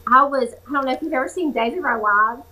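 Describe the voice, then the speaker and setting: A young woman with a Georgia Southern accent, an actress chatting as a guest in a talk-show interview, animated and quick to laugh. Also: high-pitched, rough recording. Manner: animated and cheerful, laughs easily.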